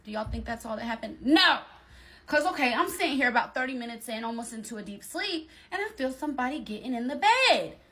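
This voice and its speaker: A woman's voice: a little high, expressive, quick pace, hardly any pauses, bright, forceful tone. A woman telling a personal story in casual storytime style, talking straight to her listeners with lots of emphasis.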